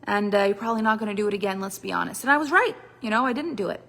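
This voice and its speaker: A woman's voice: mid-range voice, rapid-fire, creaky. Emphatic woman coaching in a reverberant hall. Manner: emphatic, repetitive, dramatic shifts in loudness. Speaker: business coach. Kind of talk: motivational talk to a group.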